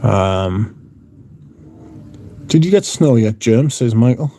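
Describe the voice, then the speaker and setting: Sweary man with a dark, mellow voice. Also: mid-range voice, animated, takes it slowly. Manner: sweary, blunt. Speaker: livestream host. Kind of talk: casual chat reading out viewer comments. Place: room at home.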